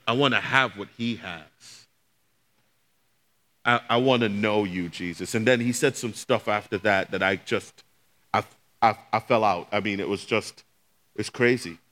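A middle-aged pastor, his voice a little high and a bit bright, recounts a personal testimony as a sermon. Storytelling throughout, he acts out what the people in his account said.

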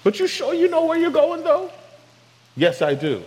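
A man's voice: extremely high pitch, huge pitch swings, moderate pace, darkish tone, big-room sound, pitched above the performer's own voice, exaggerated voice. A man voicing an anxious believer who keeps doubting and asks nagging questions.

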